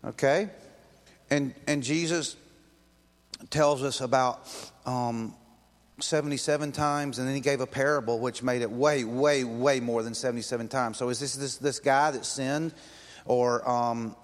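A pastor, a man, preaches in a loose, conversational way, slipping into quoted voices. His voice sits at an ordinary middle pitch. The sound carries a long reverb from the church hall. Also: fairly even intonation, a little slow. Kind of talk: sermon.

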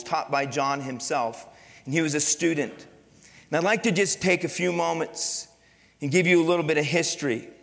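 A man's voice: fairly high pitch, a bit bright, big-room sound. A man preaching a sermon as pastor, leaning hard on quoted verses and quizzing his congregation with questions. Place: church sanctuary.

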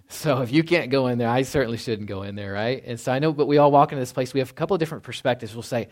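A man's voice: mid-range voice, fast talker. Conversational male pastor preaching a sermon. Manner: casual, often adds "right?" and chuckles; drops to a hushed voice when quoting.

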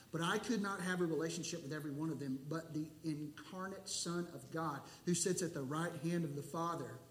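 A pastor preaching an earnest, emphatic sermon, asking rhetorical questions and answering them. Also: male voice, fairly high pitch, roomy sound, a little hiss or hum.

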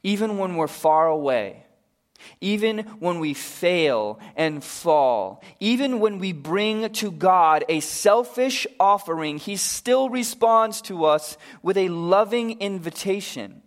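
Slow, earnest preaching man. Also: sits high, expressive. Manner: earnest, drops to a hushed voice for appeals. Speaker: pastor. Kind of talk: sermon.

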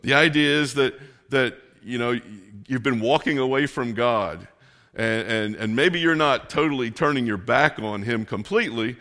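A man preaching a casual sermon, telling a personal story in a relaxed, self-deprecating way. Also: mid-range voice, moderate pace. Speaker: pastor. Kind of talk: conversational sermon with personal anecdotes.

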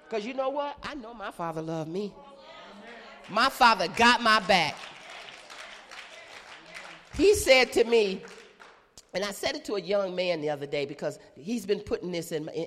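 Animated woman preaching in a reverberant church. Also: medium pitch, a little slow, pauses often, some chatter behind, a little hiss or hum. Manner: animated, call-and-response preaching. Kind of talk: sermon.

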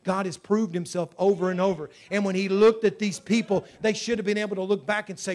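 A man with a high-pitched voice preaches a sermon in a church. He swings from loud, ringing exclamations down to hushed, confiding asides. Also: little pitch movement, a little fast, hardly any pauses. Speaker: pastor.

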